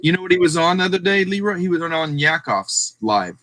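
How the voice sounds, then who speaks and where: A man telling stories in a casual online hangout, animated and chatty. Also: on the high side, a little fast, no echo. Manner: animated storyteller. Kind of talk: casual chat.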